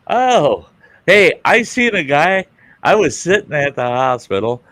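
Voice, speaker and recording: A man's voice: a little high, sing-song, unhurried, a bit bright, no room sound. A man hosting a casual livestream chat, telling a rambling, crude anecdote full of swearing. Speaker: livestream host.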